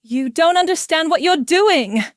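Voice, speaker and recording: A woman's voice: high-pitched, unhurried, no room sound, pitched above the performer's own voice. Lady putting on a bully older boss guy, roars and hisses, dry close mic. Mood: angry. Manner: roaring, hissing, sneering. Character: raging older male company boss, bullying.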